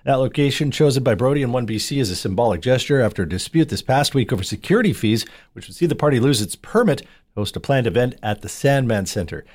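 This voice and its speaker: A man reading local radio news and weather in a brisk, clipped headline style. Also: mid-range voice, animated, a little mellow. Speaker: newsreader.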